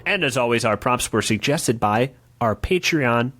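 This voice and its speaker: A man's voice: mid-range voice, expressive, normal speed, over loud music. A young man hosting a podcast, chatting casually with playful mock-sales bits and laughter. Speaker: podcast host. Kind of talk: casual comedic chat.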